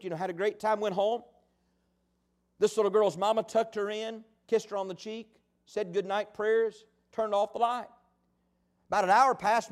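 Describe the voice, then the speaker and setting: High-pitched male pastor, folksy storytelling sermon delivery. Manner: animated storytelling preacher, folksy.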